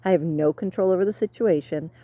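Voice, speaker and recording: A middle-aged woman talking casually outdoors, reflecting in a rambling, soft way. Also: on the low side, quick pace. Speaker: vlogger.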